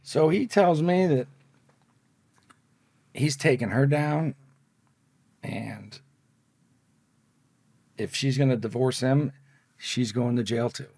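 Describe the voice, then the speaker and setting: Gravelly, husky man telling a story. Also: mid-range voice, slow pace, pauses often, dry recording. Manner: profane, animated, acts out quoted dialogue. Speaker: interview guest telling his story. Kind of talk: casual storytelling.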